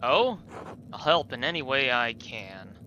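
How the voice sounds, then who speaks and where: Man playing nervous guilty man, hushed, evasive, faint hiss behind. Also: mid-range voice, sing-song, measured pace, lo-fi sound.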